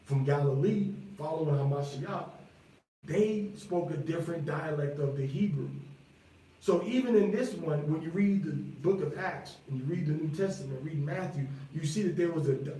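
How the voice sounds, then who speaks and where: A man's voice: a little high, warm tone. A man, teaching from the Bible in a loose, conversational way, with lots of fillers and repeats. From New York. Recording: very echoey room, voice from far off.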